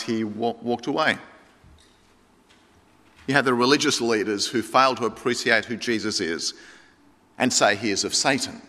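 A man's voice: medium pitch, pushed and bright, long reverb tail. A man preaching an emphatic sermon, calling his listeners friends. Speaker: pastor.

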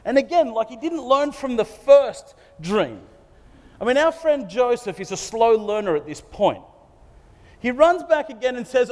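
A man's voice: very high-pitched, very animated, normal speed, darkish tone. A man preaching a sermon, retelling a story with playful asides. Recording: long hall reverb.

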